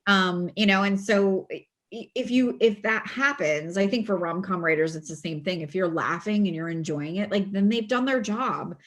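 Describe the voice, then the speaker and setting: A woman author talking as a guest on a casual podcast, animated and quick to laugh, with many fillers and restarts. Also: medium pitch.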